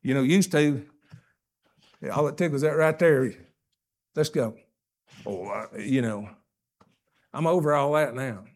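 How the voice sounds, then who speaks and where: An older man preaches a sermon as pastor, unhurried and medium-pitched, with long pauses. He is folksy and emphatic, moving between loud stressed phrases and hushed asides.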